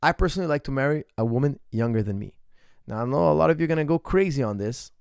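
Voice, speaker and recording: A man's voice: medium pitch, lively intonation, fast talker, gravelly, darkish tone, clean tone, no room sound, studio quality. A man, a martial arts coach, answers viewer questions in a casual chat. He talks in a rambling, emphatic way and often restarts his sentences. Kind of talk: casual ask-me-anything chat.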